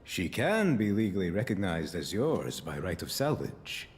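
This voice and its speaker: Zafar, a wry poetic spacer. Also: male voice, low-pitched, very animated, normal speed, slight background noise. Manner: wry, philosophical. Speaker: game character. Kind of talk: video game dialogue.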